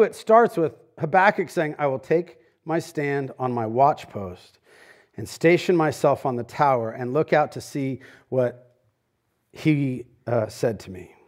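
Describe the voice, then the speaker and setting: A man preaching a sermon as pastor, conversational and animated, swinging from loud emphatic lines to hushed ones. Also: medium pitch. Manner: conversational, with quoted asides.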